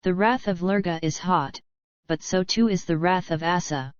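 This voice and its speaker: Stern commanding warrior man, as a woman reads him, threatening, smooth, slightly dull recording. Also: lowish voice, moderate pace, no echo, lightly acted. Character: stern, commanding male warrior bluffing as a feared spirit.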